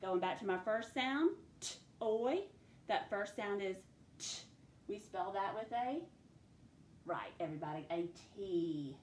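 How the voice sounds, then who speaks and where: A woman's voice: medium pitch, expressive, a little hiss or hum. A woman teaching a phonics spelling lesson, stretching out each sound of a word as she dictates it. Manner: slow, stretched sounding-out of words. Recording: echoey room with faint ambience.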